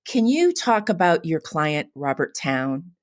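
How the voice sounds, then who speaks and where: A woman hosting a podcast interview, encouraging her guest and laughing easily. Her voice has a wide, animated pitch range, and she speaks slowly and deliberately. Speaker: podcast host.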